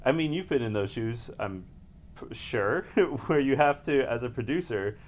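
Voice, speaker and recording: A man's voice: mid-range voice, animated, unhurried. A man co-hosting a podcast in casual chat, thoughtful and hedging. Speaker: podcast co-host. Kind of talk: casual chat recapping a reality show.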